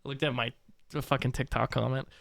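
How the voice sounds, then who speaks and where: A man's voice: mid-range voice, little pitch movement, brisk, creaky, fairly bright tone, no echo, studio quality. A man live-streaming, rambling and swearing as he reacts to a clip and talks to his chat. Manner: rambling, profane, jumps between clip and chat. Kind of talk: casual live-stream commentary.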